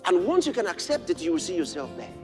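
A male preacher with a high, very lively voice that swings from soft storytelling to shouted praise. He quotes scripture in old-fashioned wording. Faint music sits behind him. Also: fast talker. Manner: builds from quiet storytelling to shouted exhortation. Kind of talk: sermon.

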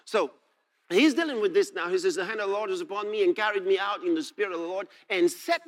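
A man preaching a sermon, reading scripture aloud and commenting on it, rising to shouts and laughing with delight at the text. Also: high-pitched, fast.

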